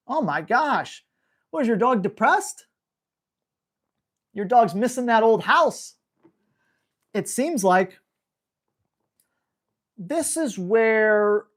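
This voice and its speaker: A woman dog trainer answering viewer questions in a live Q&A, in an energetic, emphatic, casual coaching manner. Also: mid-range voice.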